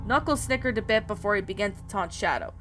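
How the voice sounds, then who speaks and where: A woman narrating a story in a plain, steady reading voice with small slips. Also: medium pitch, fast. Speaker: story reader. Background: background music.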